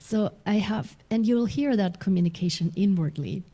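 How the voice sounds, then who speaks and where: A woman minister preaches in a mellow, relaxed voice at a middle pitch. She tells stories from her own life, laughs often and restarts her sentences. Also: moderate pace. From Germany. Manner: warm, laughing storyteller with many restarts. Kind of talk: sermon with personal story.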